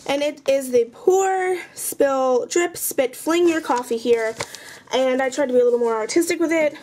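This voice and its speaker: A woman's voice: high voice, moderate pace, darkish tone, a little hiss or hum. A young woman chatting casually, rambling and poking fun at herself as she shows off her art journal at home. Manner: chatty, rambling, self-mocking. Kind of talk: casual show-and-tell vlog.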